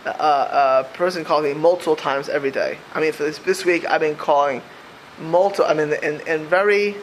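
A man's voice: fairly high pitch, fairly even intonation, a little fast, a little hiss or hum. A man giving an informal religious talk to a small group. He rambles with many restarts and mixes Hebrew and Yiddish terms into his speech. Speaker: religious teacher.

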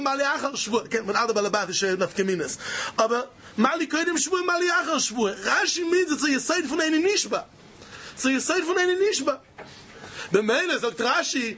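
A man giving an animated Talmud lecture, repeating key phrases for emphasis. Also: extremely high pitch, a little hiss or hum. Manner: animated, repeats phrases, mixes Yiddish and Hebrew terms. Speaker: Talmud teacher. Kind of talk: yeshiva-style Talmud lecture.

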